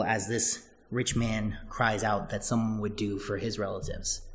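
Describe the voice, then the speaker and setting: A man preaching a sermon as pastor, earnest and repetitive, building points through repeated phrases. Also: mid-range voice. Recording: long church-hall reverb.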